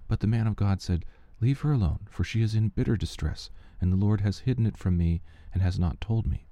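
A man giving a steady, measured reading of Bible passages aloud, with the odd slip he corrects. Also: on the low side, dry recording. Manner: steady, measured reading with small slips and restarts. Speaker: scripture reader.

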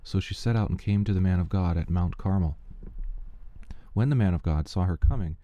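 A man reading scripture aloud at a measured, steady pace. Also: low-pitched, muffled recording.

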